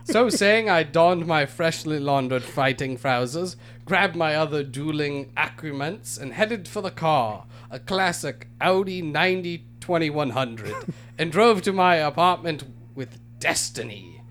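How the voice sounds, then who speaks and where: A man's voice: fairly high pitch, expressive, a little slow, a bit bright, slight background noise. Man reading a pompous mock letter aloud. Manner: pompous, theatrical narration, breaking into laughs. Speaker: podcast host.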